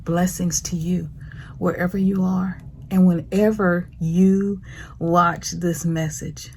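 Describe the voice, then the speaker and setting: Breathy, slow-speaking woman host. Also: fairly low pitch, level tone. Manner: slow, breathy, drifts into whispers; affectionate, calls listeners honey and baby. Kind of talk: prophetic motivational monologue.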